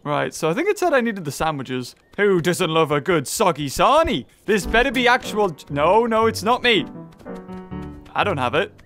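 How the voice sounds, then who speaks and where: A woman's voice: lowish voice, very animated, moderate pace, fairly bright tone, faint music behind. A woman giving playful, teasing commentary while playing a video game, often laughing and squealing at the characters. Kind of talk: casual let's-play commentary.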